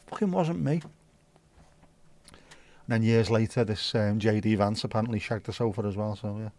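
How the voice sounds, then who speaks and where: Laid-back sweary livestream host. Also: male voice, lowish voice, little pitch movement, a little fast, a little mellow, no room sound. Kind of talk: casual chat reading viewer comments.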